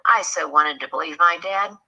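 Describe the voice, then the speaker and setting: A woman with a husky voice, recounting a personal story in a hushed way that often drops to a whisper. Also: low-pitched, normal speed, lo-fi sound. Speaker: guest telling an encounter.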